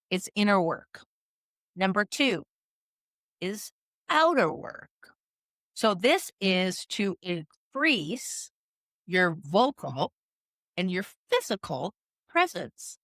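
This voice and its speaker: Slow, measured woman coaching listeners. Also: medium pitch, a bit bright, dry recording, studio quality. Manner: measured, coaching tone with frequent "right?" check-ins. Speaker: communication coach. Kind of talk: instructional podcast talk.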